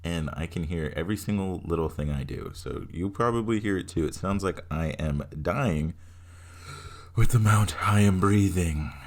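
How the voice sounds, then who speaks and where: A man's voice: sits low, fairly bright tone. A man in his twenties hosting his own podcast from home, talking casually in a rambling, profane, self-deprecating way. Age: 20s. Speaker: podcast host. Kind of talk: casual solo podcast monologue. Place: home room. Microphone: headphones with home mic.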